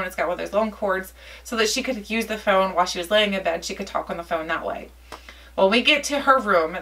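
A woman's voice: mid-range voice, far from the mic, poor audio. A woman vlogger telling a personal story in a casual, chatty way, acting out the dialogue as she goes. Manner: chatty, lively retelling with quoted dialogue.

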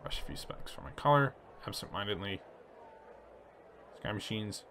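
A man hosting a relaxed let's play, reading story text aloud and chatting about his choices. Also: lowish voice, moderate pace, noisy background. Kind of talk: casual gameplay commentary reading game text aloud.

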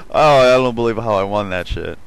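A man giving live gameplay commentary, excitable and swearing freely. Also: lowish voice, creaky, clear, resonant tone, rough recording. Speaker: gamer.

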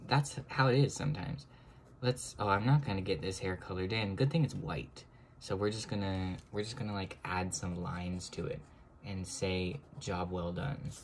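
A young man chatting casually to viewers as he draws, self-mocking, now and then breaking into high excited exclamations. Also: a little hiss or hum. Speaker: drawing vlogger. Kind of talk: casual chat while drawing.

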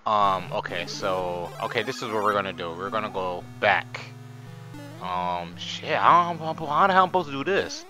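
A slightly hoarse young man hosts his gameplay channel, chatting excitedly to his viewers and cursing freely. His voice is bright and pushed, leaping up and down in pitch. Faint game music plays behind him. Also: normal speed. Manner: excitable, chatty, talks to viewers as y'all, swears. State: hoarse from screaming. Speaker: gaming channel host. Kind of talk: live gameplay commentary.

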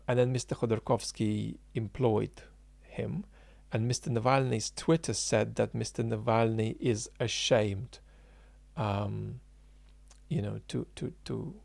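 A man's voice: mid-range voice, gravelly, darkish tone, no room sound. A man giving unscripted political commentary, emphatic and argumentative, thinking aloud with frequent ums and restarts.

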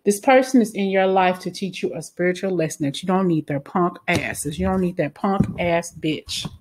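A woman with a lowish, slightly mellow, husky voice speaks at a moderate pace while doing a casual tarot reading. She's blunt, swears freely, flares into angry outbursts, and keeps tagging her lines with "okay?"

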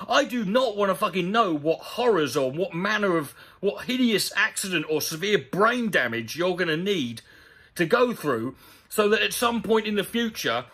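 Guy ranting and swearing, sarcastic, high voice that swoops all over the place. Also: big pitch swings, moderate pace, a bit bright, breathy edge. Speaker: comedy commentator. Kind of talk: ranting comedic commentary on a news story.

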